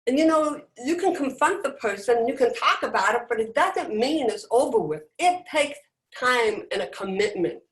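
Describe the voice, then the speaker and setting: A middle-aged woman giving a personal motivational talk, emphatic and dramatic, with deliberate pauses, over a video call. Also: on the high side. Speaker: motivational speaker. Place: indoors, at home on a video call. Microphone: video call microphone. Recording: roomy echo.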